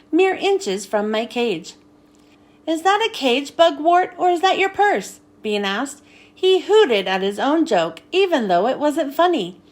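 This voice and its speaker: A woman reading a children's book aloud in a high, lively voice. Her storytelling is animated and expressive, with her pitch moving constantly.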